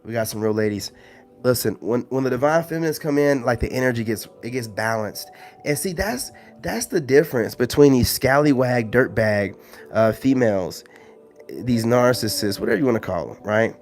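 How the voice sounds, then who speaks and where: A man's voice: mid-range voice, expressive, moderate pace, soft background music. A man hosting a casual live stream, talking loosely with lots of slang and filler phrases. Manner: loose, slangy, full of "you know what I'm saying" fillers.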